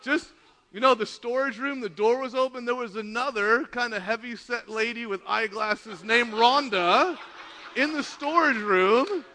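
Man, sermon storytelling, animated, high voice, reverberant church hall. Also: unhurried. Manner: animated storytelling, laughing often, acting out dialogue. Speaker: preacher.

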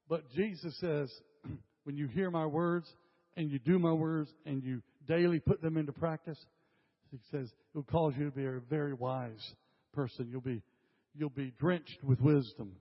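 A man's voice: medium pitch, normal speed. An older man preaching a sermon to a congregation, emphatic and repeating his phrases as he speaks directly to the room. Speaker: pastor. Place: church hall with congregation. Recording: dull lo-fi sound with long hall reverb.

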